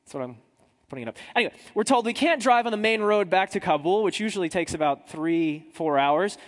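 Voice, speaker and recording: A man's voice: high voice, expressive, fairly quick, big-room sound. A man, a journalist, telling a humorous story to a live audience in a chatty, self-deprecating way with asides to the crowd.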